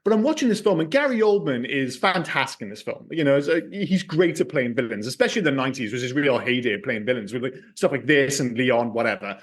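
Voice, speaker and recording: A man co-hosting a casual film podcast, talking in an animated, rambling way and swearing freely. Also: medium pitch, fast, hardly any pauses. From Scotland. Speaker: podcast co-host.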